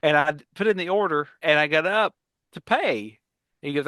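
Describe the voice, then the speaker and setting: A middle-aged man co-hosts a casual podcast chat. His voice is bright and somewhat high. He tells animated stories and laughs easily, and the sound is dry and close. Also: moderate pace, no room sound. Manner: animated storyteller, acts out voices, laughs often. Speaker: podcast co-host.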